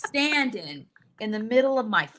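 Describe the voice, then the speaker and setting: Young woman, bright and sharp, animated cursing storyteller on a podcast. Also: on the high side, moderate pace, slight background noise. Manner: animated, profane, acts out quotes. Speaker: podcast guest telling a story. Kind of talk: casual storytelling chat.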